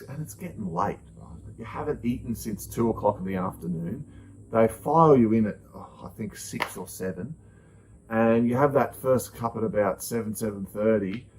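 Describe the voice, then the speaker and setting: Lively man telling a story. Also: medium pitch, low-quality recording. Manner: animated retelling, acting out his own thoughts in hushed asides. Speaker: channel host. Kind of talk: casual first-person storytelling.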